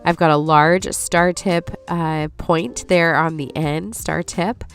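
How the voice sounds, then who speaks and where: Talking viewers through a recipe in a casual voice-over, a lifestyle host in her forties sounds stuffy and nasal due to allergies. Her low voice is slow and her manner chatty, with apologetic, warm asides, as soft music plays in the background.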